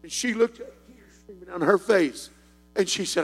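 Man, older, Southern US accent, preacher, folksy storytelling sermon, fervent, gravelly, long hall echo. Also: high-pitched, normal speed, soft background music.

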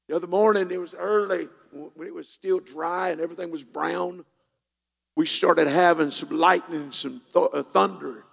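High, gravelly-voiced preacher in a hall. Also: male voice, normal speed. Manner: swings from hushed storytelling to shouted, half-sung preaching. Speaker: pastor. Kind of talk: sermon. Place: church. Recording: long reverb of a church hall.

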